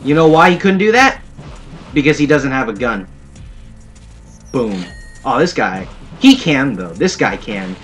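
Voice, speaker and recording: Unhurried and pausing often, a young man speaks in a mid-range, sing-song, fairly bright voice. While playing a shooter, he gives sarcastic, playful let's-play commentary full of jokes, with faint game music in the background.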